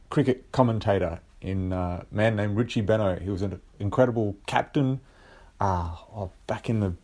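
An Australian man chats his way loosely through his own podcast, hunting for words with plenty of ums and uhs. His voice sits on the lower side. The talk is unscripted and easygoing. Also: darkish tone. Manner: rambling, with many filler sounds and restarts. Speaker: podcast host. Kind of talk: casual solo podcast talk.

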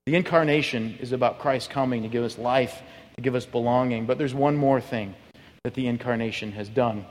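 A male pastor preaching a sermon, telling stories with animated delivery that climbs toward near shouting. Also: mid-range voice, big-room sound. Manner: animated storytelling, rises to near shouting at climaxes. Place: church hall.

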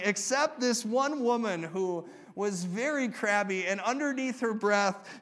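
A man, a pastor, preaching a sermon and telling a story, moving from emphatic peaks to a soft, quiet close. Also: sits high.

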